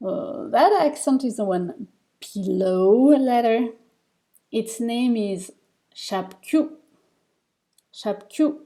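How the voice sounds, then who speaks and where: A woman giving a recorded reading lesson, taking each step slowly and patiently. Her voice sits a little high but sounds mellow and soft-edged. She pauses with fillers and restarts as she explains. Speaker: Tibetan reading teacher. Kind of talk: recorded lesson over slides.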